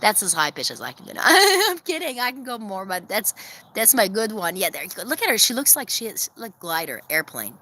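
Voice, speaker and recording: A woman chatting casually on a livestream from her backyard coop, laughing often, giving viewers shout-outs and calling to her hens. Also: big pitch swings, brisk. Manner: calls to her hens in a very high sing-song voice. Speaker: vlogger hosting a livestream premiere. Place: outdoors in a backyard by the chicken coop.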